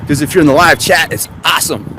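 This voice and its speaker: A man's voice: a little high, fast talker. A man live-streaming casually from his car, rambling and sarcastic, asking his viewers questions. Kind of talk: casual live-stream chat while driving. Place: in a car on the road. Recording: loud road and wind noise. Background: car and wind noise.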